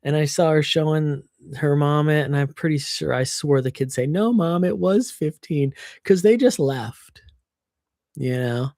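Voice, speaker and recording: A woman's voice: sits low, normal speed, a little mellow, no room sound, studio quality. A woman chatting casually on a livestream, venting and swearing freely into her computer microphone.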